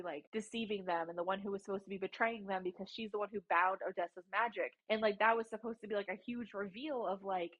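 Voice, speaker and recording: A woman co-hosting a book podcast in casual chat, blunt and rambling, recorded on a dull headphone mic. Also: medium pitch. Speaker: podcast co-host.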